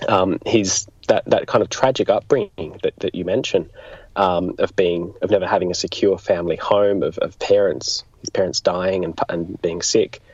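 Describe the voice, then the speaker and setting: A low, husky male voice talks through a political life story at an easy conversational pace, pausing and rephrasing as he thinks. The recording is dry and dull, like a modest lo-fi setup. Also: a little mellow, dry recording. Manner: thoughtful, explanatory, with frequent restarts. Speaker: interview guest, political biographer. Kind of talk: conversational history interview. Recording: dull lo-fi sound.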